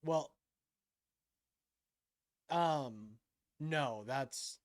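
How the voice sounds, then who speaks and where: A man's voice: high voice, expressive, slow pace. A man hosting a live stream, reacting to a clip with incredulous, mocking remarks and thinking aloud. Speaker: livestream host.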